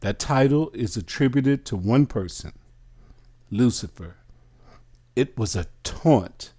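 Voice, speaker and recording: Male bible teacher, unhurried and deliberate, dark mellow tone, reads definitions aloud. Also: mid-range voice, lively intonation, slightly rough. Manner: addresses listeners as brothers and sisters. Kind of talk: slow scripture study teaching.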